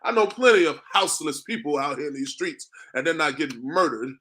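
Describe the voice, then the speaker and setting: Expressive and brisk, his fairly high voice bright and forceful, a man leads a street-preaching class in sermon style. He asks rhetorical question after rhetorical question, calls his audience "man" over and over, and chuckles as he goes.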